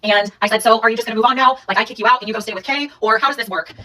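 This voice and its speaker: A woman telling a personal story in a casual monologue, rapidly recounting events and reading out text messages. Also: a little high, sharp tone, far from the mic, poor audio.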